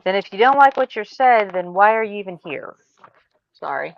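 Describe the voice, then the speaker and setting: A woman's voice: mid-range voice, big pitch swings, moderate pace, creaky, dry recording, dull audio. A woman streamer chatting casually with friends on a livestream, talkative and opinionated. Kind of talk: casual group chat on a livestream.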